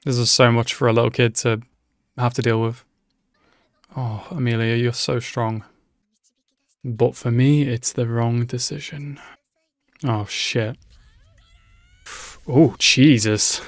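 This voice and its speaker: A man reacting to an anime episode as he watches, talking to himself and his viewers, swearing and exclaiming loudly at tense moments. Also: mid-range voice, no echo, clean studio sound. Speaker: anime reaction channel host. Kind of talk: live reaction commentary.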